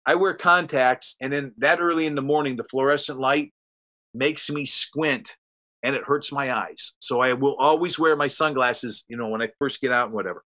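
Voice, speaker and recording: A man's voice: mid-range voice, moderate pace. A man telling a long, rambling anecdote in casual chat, acting out what people said. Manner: rambling, animated, acts out quotes. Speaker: storyteller guest.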